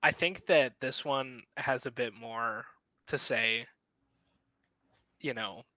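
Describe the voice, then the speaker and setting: A young man on a casual film podcast, his voice bright and forward. He talks excitably, swears freely and laughs as he retells scenes, recorded dry and close. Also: medium pitch, slow pace, no echo, poor audio. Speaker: podcast co-host.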